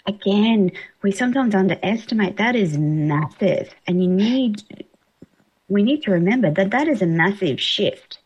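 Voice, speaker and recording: Female radio host, encouraging and emphatic, mid pitch, slightly muffled recording. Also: animated, normal speed, a little mellow, slightly rough. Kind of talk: radio interview.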